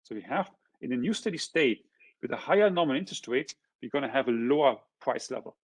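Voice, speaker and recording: A man presenting an economics seminar, walking through a figure step by step and often checking in with a quick "huh?". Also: mid-range voice, animated, slightly rough, no room sound. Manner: checks in with frequent tag questions. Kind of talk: academic lecture explaining graphs.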